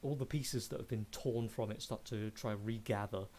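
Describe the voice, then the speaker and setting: A man's voice: lowish voice, normal speed, darkish tone, a little hiss or hum. Playful man running a tabletop game. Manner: playful, hums filler sounds while looking things up. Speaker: game master. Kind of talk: narrating a tabletop game over a live stream.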